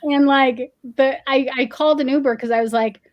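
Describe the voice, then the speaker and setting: A woman telling a lively personal story in a casual chat, acting out the dialogue in it. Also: high voice, normal speed, dry recording, dull audio. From Massachusetts. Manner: animated storyteller acting out quoted dialogue with laughs. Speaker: founding president of a parent organization.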